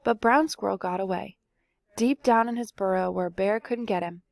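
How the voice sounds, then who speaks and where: A woman's voice: medium pitch, normal speed, gravelly, a little mellow, dry recording. A young woman teacher reading a folk tale aloud expressively and stopping to ask the listeners questions. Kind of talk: read-aloud storytelling lesson.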